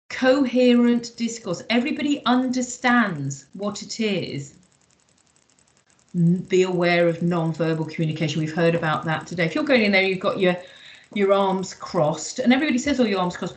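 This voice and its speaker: A woman's voice: on the high side, low-quality recording. A woman leading an online workshop, chatty and emphatic, with lots of "you know" fillers. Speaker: workshop trainer.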